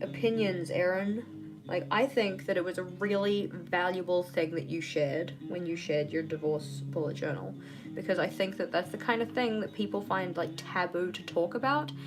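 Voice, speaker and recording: A woman hosting a casual livestream, chatting candidly and ranting while she journals. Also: lowish voice. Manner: chatty, candid, rants and laughs readily. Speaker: livestream host.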